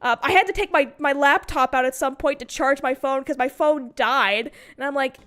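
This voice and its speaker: A young woman in her twenties telling a story casually over gameplay, lively and swearing freely. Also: high voice, moderate pace. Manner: animated, swears freely, acts out quoted voices. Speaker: gaming streamer. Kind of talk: casual storytime while playing a game.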